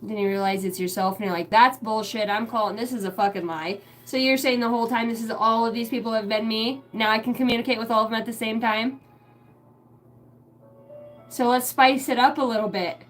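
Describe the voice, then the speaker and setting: Giggly, crude woman with a high voice. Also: fairly even intonation, a little fast, soft background music, poor audio. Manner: crude, giggly, swears a lot. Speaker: livestream host. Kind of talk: rambling live-stream chat.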